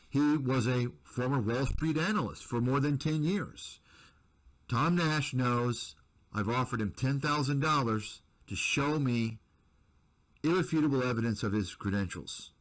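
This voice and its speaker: A man's voice: medium pitch, rough recording. A man, an investment commentator, delivering a combative, repetitive rant to his viewers. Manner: combative, repetitive, name-calling.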